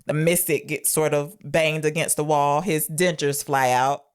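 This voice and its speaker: A woman with a low-pitched voice co-hosts a casual film review podcast. She walks through the scenes one by one, acting out quoted lines with lively voices and laughing along the way. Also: unhurried, smooth. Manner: retells scenes, quoting lines in animated voices, laughs often. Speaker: podcast co-host.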